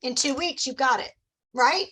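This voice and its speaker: A middle-aged woman, coaching her sales team in a lively, upbeat meeting talk and acting out little customer exchanges. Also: sits high, moderate pace, slightly rough, low-quality recording.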